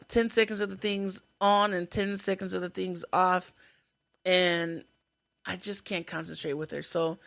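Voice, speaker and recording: A woman's voice: medium pitch, sharp tone, no room sound. A young adult woman hosting a comedy podcast, telling stories in a chatty, self-mocking way. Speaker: podcast host. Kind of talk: comedic storytelling.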